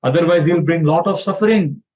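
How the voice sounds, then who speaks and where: A man's voice: a little high, fast, darkish tone, close to an everyday voice. A man voicing a village milkmaid woman who pleads with a mother about her mischievous child, in an exasperated storytelling tone. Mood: complaining. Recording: dull lo-fi sound.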